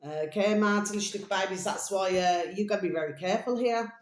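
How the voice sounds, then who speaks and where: An English woman hosts her own channel in a mid-range voice, speaking a little fast in a rambling, chatty monologue that keeps wandering off and coming back. She fondly calls her listeners "my delicious babies," and the recording has the echo of a roomy home room.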